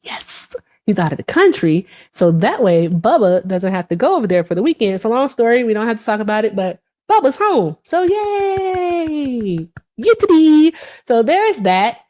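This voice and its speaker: A woman in her thirties hosts a casual live stream, chatting straight to her viewers and answering their comments. Her pitch swings widely and her delivery stays loose and talkative, full of fillers. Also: very animated, a little fast, darkish tone.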